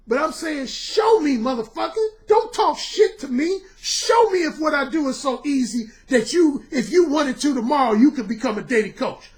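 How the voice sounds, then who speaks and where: Loud, combative man ranting, high and animated. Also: moderate pace, hardly any pauses. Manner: combative, repetitive, profane, shouts often. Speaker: dating coach ranting to camera. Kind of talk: heated rant.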